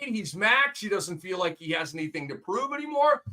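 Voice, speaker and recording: A man hosting a late-night fantasy basketball talk show, talking in an energetic, emphatic, ranting way. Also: high voice, moderate pace, hardly any pauses. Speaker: host.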